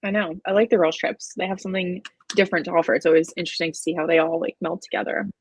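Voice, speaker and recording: Husky-voiced woman chatting casually. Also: fairly low pitch, steady tone, no echo. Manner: quick, opinionated remarks with frequent laughter. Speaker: guest co-host. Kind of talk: casual chat.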